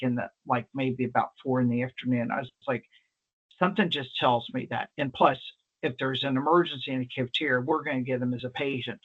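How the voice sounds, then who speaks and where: A man presenting as a nurse, telling a story on an online call in a chatty, rambling way with many fillers and restarts. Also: medium pitch. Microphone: video call. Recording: dull lo-fi online call audio.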